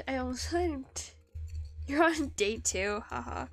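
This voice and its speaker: A woman with a high voice chats on a live stream while she carves. She rambles and stops herself with fillers. The sound is close and dry, with faint music behind her. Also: animated, slow pace, fairly bright tone, no room sound. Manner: rambling, self-deprecating, hesitant with many fillers. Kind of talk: casual live-stream chat while woodcarving.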